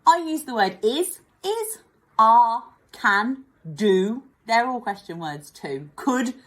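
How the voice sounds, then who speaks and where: A woman's voice: a little high, very animated, takes it slowly. A woman teaching an online lesson for children, speaking to them directly and encouragingly. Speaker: primary school teacher.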